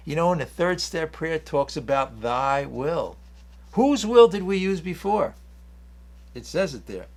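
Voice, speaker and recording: A man's voice: fairly high pitch, big pitch swings, measured pace, breathy edge. A man giving an earnest, rambling spiritual talk on a 12-step program, reading passages from a book and restarting his sentences often. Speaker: 12-step speaker.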